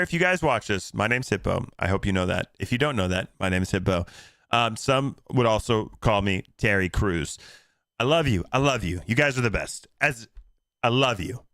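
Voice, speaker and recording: A man streaming and reacting to a game trailer, talking in an animated, mock-pleading, joking way. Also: medium pitch, no room sound.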